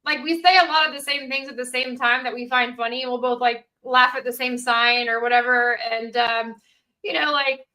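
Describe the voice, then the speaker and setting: Woman podcast guest, high voice, bright tone, candid casual chat. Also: steady tone, moderate pace, low-quality recording. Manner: chatty, candid, full of "like".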